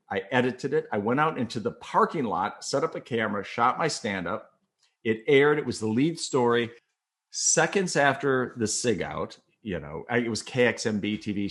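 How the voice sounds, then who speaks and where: An older man who used to work as a TV news photographer and reporter casually recounts career anecdotes, animatedly acting out the people involved. His voice is mid-range and his pace moderate.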